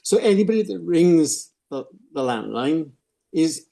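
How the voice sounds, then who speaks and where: An older man telling anecdotes in casual chat, halting and repeating words. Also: fairly high pitch, sing-song, vocal fry, dark tone. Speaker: regular of the group chat. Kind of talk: casual chat among friends.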